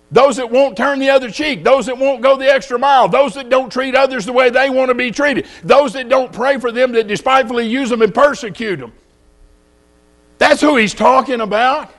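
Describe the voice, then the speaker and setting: A man's voice: extremely high pitch, brisk, fairly bright tone. A man with a Texan accent preaching a sermon in church, telling folksy stories and firing rhetorical questions at the congregation.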